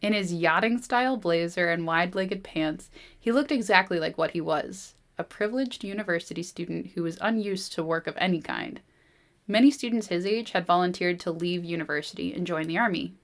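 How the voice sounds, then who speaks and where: A woman hosting a book podcast, reading a novel aloud and chatting, animated with many "like"s. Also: on the low side, a little fast. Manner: animated retelling, heavy use of "like". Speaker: podcast host.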